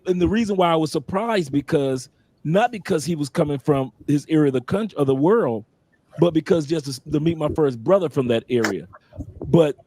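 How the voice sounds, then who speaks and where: A man hosting a casual chat, telling stories in a lively way and often restarting with repeated words. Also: on the high side, dry recording. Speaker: podcast host living abroad.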